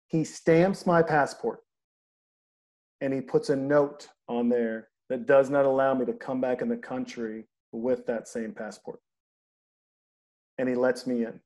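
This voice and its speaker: A man in casual conversation, telling an animated anecdote and acting out the people in it. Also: mid-range voice, unhurried. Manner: animated anecdote teller, acts out quoted people. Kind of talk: casual storytelling chat.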